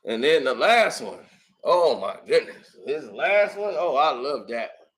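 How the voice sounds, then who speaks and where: A man hosting his own channel who chats casually in an excitable way, laughing often and jumping between topics. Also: a little high, a little slow. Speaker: comedian and channel host. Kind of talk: casual livestream chat.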